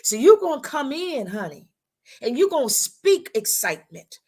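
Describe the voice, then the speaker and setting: A woman's voice: high-pitched, big pitch swings, normal speed, a little mellow. A woman co-hosting a women's talk show, giving a preacherly motivational talk with speech, repeating her lines and acting out how people talk.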